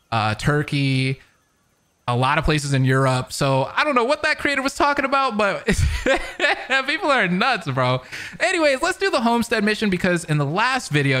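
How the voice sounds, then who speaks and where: A young man giving casual, excitable let's-play commentary, often laughing and exclaiming. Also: fairly high pitch. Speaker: gaming commentator.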